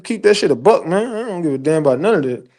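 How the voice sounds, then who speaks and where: High-voiced man ranting emphatically. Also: expressive, fast talker, a little mellow. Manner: profane, emphatic, addresses chat directly. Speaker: livestream commentator. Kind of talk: heated livestream rant.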